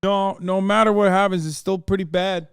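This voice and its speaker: Man, streamer, casual reaction talk, profane and joking, smooth voice, dry close sound. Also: high voice, normal speed, dry recording. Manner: animated, profane, mocking riffs. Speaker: streamer host reacting to news.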